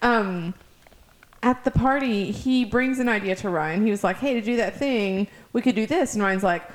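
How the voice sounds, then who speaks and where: A woman's voice: mid-range voice, normal speed. A woman co-hosting a casual show recap, chatty, laughing often and acting out scenes in quoted voices. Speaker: podcast co-host.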